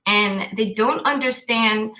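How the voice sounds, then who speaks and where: A woman's voice: on the high side, slow pace, bright, forceful tone, rough recording. A woman talking as a cyber risk expert guest, thoughtful and full of restarts. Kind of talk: casual interview talk.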